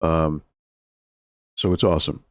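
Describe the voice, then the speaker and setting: Deep-voiced male streamer. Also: unhurried, dry recording, studio quality. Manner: relaxed, rambling, thankful. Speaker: charity livestream host. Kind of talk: casual game streaming.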